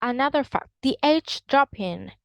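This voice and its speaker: A woman's voice: sits high, animated, vocal fry, dry recording. Woman explaining English pronunciation. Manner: explanatory, models pronunciations slowly. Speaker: English teacher. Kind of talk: online language lesson.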